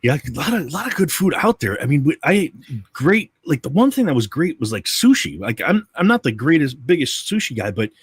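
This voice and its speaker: A man's voice: fairly high pitch, very animated, brisk, slightly rough, dry recording. A man co-hosting a comics livestream, chatting casually, rambling and enthusiastic with many restarts. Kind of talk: casual chat. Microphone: livestream setup.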